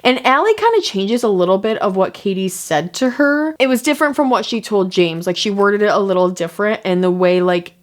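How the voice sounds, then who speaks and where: A woman's voice: mid-range voice, lively intonation, moderate pace, few pauses. A woman recapping a reality show in a loose, chatty way, full of "like". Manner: chatty, loose, heavy use of "like". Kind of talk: casual recap chat.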